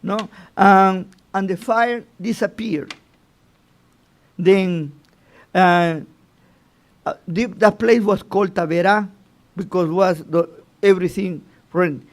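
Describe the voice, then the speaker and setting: A man teaching an informal Torah lesson as a rabbi, halting and restarting his phrases and often asking "you know?". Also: high-pitched.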